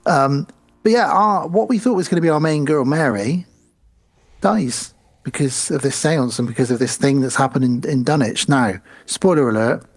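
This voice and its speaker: A man co-hosts a horror film podcast in a casual review chat, walking through the plot step by step and quoting the characters. His voice is fairly high and slightly rough, and he talks at a normal speed.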